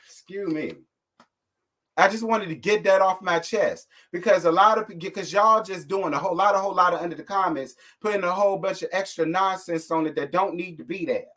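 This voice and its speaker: A man's voice: sits high, fairly quick, a bit bright. A man, host of a casual live stream, ranting at his audience. He talks with sassy, blunt fire and swears freely. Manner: sassy, fired-up, blunt with cursing.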